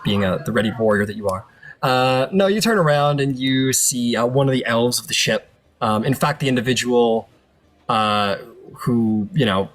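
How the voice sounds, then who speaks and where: A man narrating as game master in a loose, rambling way, full of fillers. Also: medium pitch. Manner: rambling, filler-heavy, casual.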